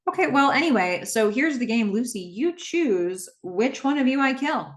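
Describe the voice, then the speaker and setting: A woman's voice: fairly high pitch, animated, moderate pace, voice pushed up, natural voice. A woman retelling a film, quoting a menacing, manipulative male hitchhiker in a lightly raised voice with a casually threatening manner. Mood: taunting. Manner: taunting, casually threatening quotes.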